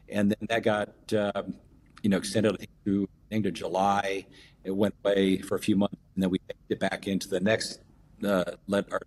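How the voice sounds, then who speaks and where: A middle-aged man, an airline captain and union rep, telling a long story as a podcast guest and pausing often on fillers and restarts. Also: lowish voice, a little mellow, a little hiss or hum. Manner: rambling, many fillers and restarts. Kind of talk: storytelling in an interview.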